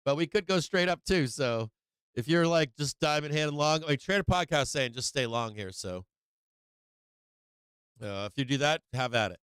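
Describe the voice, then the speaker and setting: Excitable laughing man, live trading host. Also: a little high, moderate pace, clean tone, no room sound. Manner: excitable, laughs often, swears freely. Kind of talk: casual live-stream market commentary.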